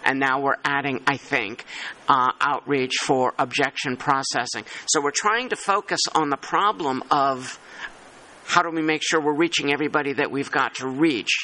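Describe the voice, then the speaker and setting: A man chairing a working group meeting, talking in halting, thinking-aloud phrases with many restarts. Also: medium pitch, bright, forceful tone, low-quality recording. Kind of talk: meeting discussion.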